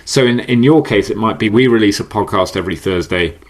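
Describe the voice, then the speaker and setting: A man speaking as a podcast guest, explaining ideas in an animated way, often repeating words and laughing easily. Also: fairly low pitch, a little fast. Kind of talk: conversational podcast interview. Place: based in the UK.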